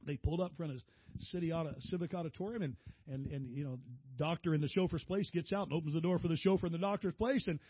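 Folksy storytelling preacher, husky voice. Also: male voice, fast talker, no room sound, highs cut off. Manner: folksy, animated storytelling, pitching up for quoted voices. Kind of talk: storytelling sermon.

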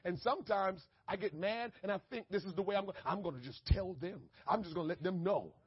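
A man preaching a conversational sermon, dropping to a hush and then rising to shouts, acting out little conversations and laughing at himself. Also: sits high, fairly quick, breathy edge, no echo, highs cut off. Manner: conversational preaching with big swings from hushed to shouting. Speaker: pastor.

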